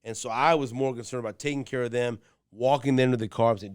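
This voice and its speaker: A man's voice: medium pitch, fairly even intonation, quick pace, smooth, no room sound, studio quality. A man co-hosting a podcast, telling stories casually and swearing a lot. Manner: swears constantly, storytelling. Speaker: radio show co-host.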